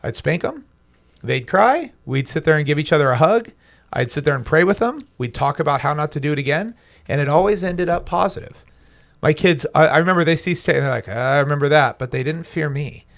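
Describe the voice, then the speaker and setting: A man's voice: a little high, expressive, brisk, gravelly. A man on a podcast telling a personal story with emphasis and quoted dialogue. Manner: storytelling, emphatic, talks with his hands in quotes. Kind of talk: casual podcast conversation.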